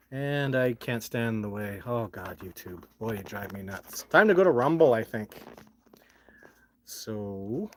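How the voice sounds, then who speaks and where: A man's voice: mid-range voice, a little hiss or hum. Frustrated man ranting on a live stream. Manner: frustrated, complaining, rambling. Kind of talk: casual live stream talk.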